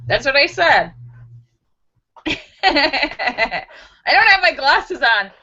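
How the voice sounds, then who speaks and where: A woman hosts a casual livestream and reads viewers' jokes aloud, laughing at them as she goes. Her voice is bright and a little high, and she reads very slowly. The audio is dull and lo-fi. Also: big pitch swings. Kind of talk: casual joke reading.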